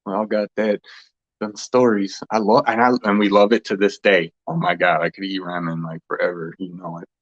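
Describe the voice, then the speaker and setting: A man's voice: low voice, level tone, a little fast. Guy rambling thru a casual pep-talk monologue, repeats himself, laughs a lot, kinda dull audio. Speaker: host.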